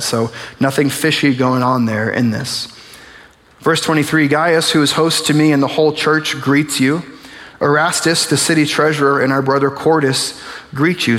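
A man's voice: a little high, fairly bright tone. A young man preaching a conversational sermon as pastor, joking and acting out small everyday scenes. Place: church. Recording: long reverb of a large hall.

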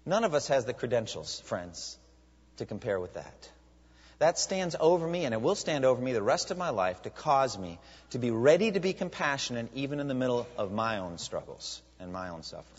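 Husky man preaching in a reverberant hall. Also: medium pitch, brisk. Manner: animated preaching with rhetorical questions. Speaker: pastor. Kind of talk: sermon. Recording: dull lo-fi sound with long hall reverb.

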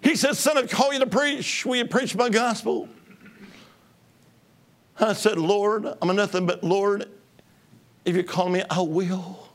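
A man from Alabama preaching his testimony as an evangelist, exuberant, shouting and breaking into tongues. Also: high voice, measured pace, long pauses. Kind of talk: testimony sermon.

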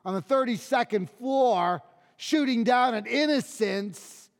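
A male pastor preaching a sermon with emphatic delivery, dropping low and quiet on key phrases. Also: slow, creaky, in a large hall.

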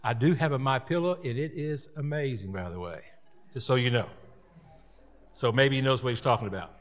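A man's voice: medium pitch, fairly quick. A man preaching a sermon as pastor, folksy and rambling, with repeated words and chatty asides.

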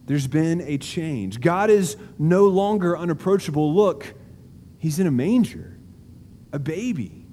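A man preaching a sermon in a large auditorium, slow and deliberate with emphatic stresses and dramatic pauses. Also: fairly high pitch, mellow, long reverb tail, slight background noise. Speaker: pastor.

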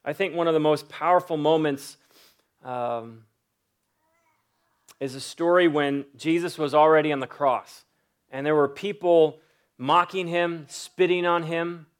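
Emphatic preaching man, unhurried. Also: on the high side. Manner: emphatic preaching with drawn-out slow phrases for emphasis. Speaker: pastor. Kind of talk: sermon.

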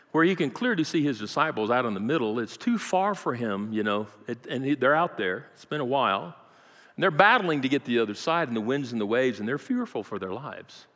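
A man preaching a sermon in a church, telling a story with dramatic rises and joking asides to the congregation. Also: mid-range voice. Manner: dramatic storytelling with acted quotes, rising to loud peaks. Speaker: pastor. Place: church sanctuary. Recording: long reverb of a large church.

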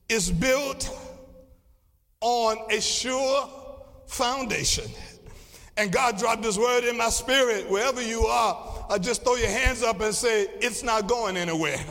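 A man preaching a sermon as pastor, with a rhythmic delivery that swings from quiet passages to shouts. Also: extremely high pitch, vocal fry. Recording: long reverb of a large hall.

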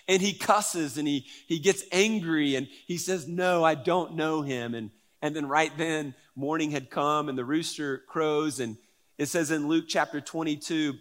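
A man preaching a sermon in a conversational, animated way, with fillers and repeated words. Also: on the high side. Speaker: pastor.

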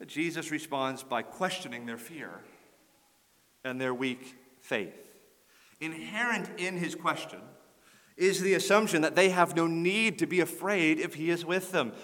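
A man preaching a sermon as a pastor, building emphatic rhetorical lists and dropping to soft asides. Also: fairly high pitch, unhurried, big-room sound.

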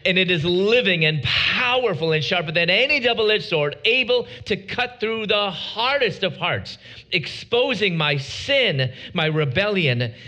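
A man giving his testimony to an audience, preaching with dramatic pauses and drawn-out words. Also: high-pitched, lively intonation, pushed and bright.

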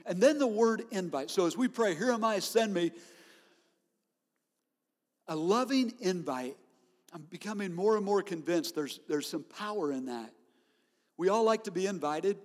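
A man preaching a sermon as a pastor, telling stories in an animated way and laughing often. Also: high voice, moderate pace. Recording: long hall reverb.

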